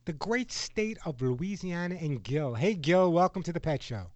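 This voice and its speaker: A man's voice: fairly high pitch, expressive, normal speed, darkish tone, no echo. A man hosting a radio pet show, giving callers advice in a jokey way and laughing often.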